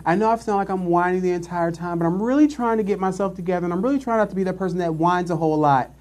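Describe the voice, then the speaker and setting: A woman's voice: on the low side, racing, darkish tone, pitched above the performer's own voice, close to an everyday voice. A man voicing a whiny, anxious female coworker who complains nonstop. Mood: apologetic. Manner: whining, breathless complaints.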